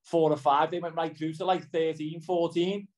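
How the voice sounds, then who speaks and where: A man's voice: fairly high pitch, little pitch movement, normal speed, a little mellow, poor audio. A middle-aged man with a Liverpool accent, chatting in an interview, rambling and often asking "do you know what I mean". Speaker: interviewee, footballer. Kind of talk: casual interview chat.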